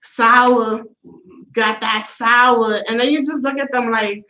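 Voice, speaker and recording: A woman hosts a casual podcast among friends, her voice sitting a bit high. She is high and a little out of breath, and tells stories in a loose, profane way full of laughter. The room around her is echoey. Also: fairly even intonation, slow pace, sharp tone. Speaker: podcast host. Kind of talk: casual chat.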